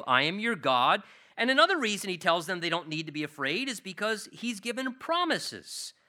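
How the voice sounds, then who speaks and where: A pastor with a high, sharp voice preaches an expository Bible sermon. He's earnest and repeats key phrases for emphasis.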